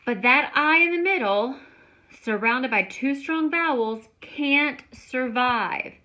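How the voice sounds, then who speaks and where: Woman spanish teacher, bright voice, slow and careful, drags out words to show the sounds. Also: sits high, expressive. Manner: explains slowly, stretches words to show sounds, sings a short ending song. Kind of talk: classroom grammar lesson.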